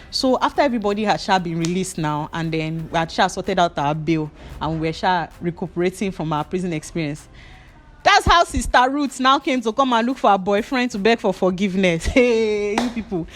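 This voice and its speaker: A woman's voice: mid-range voice, slight background noise. Chatty Nigerian woman telling gossip. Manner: animated, chatty gossip with pidgin fillers. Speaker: hairdresser vlogger. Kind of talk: storytelling while braiding.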